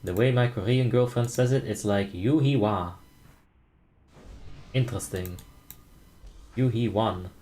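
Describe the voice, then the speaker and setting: Brisk and barely pausing, this Dutch streamer's mid-range voice sounds mellow, with a little hiss or hum. He keeps things laid-back, cracking jokes, reading chat out loud, laughing a lot, and directing raid tactics.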